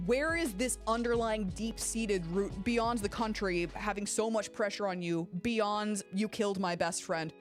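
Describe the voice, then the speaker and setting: Ranting, profane woman reviewing a film. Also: fairly high pitch. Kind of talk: casual film review commentary.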